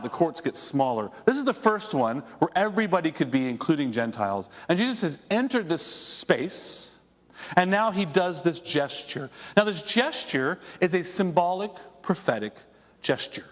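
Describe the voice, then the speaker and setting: A man's voice: fairly high pitch, in a large hall. A man preaching a conversational sermon as a pastor, asking his congregation rhetorical questions. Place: church sanctuary.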